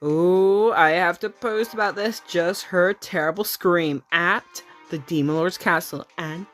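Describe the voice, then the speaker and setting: A woman's voice: fairly low pitch, a little slow, a bit bright, faint music behind. A woman reading a game's dialogue aloud in a casual playthrough, breaking off with blunt, sweary asides.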